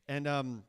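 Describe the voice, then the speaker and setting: A man from Virginia telling a personal story on stage, rambling with many fillers and restarts and poking fun at himself. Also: mid-range voice. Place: stage of a cultural center, live audience.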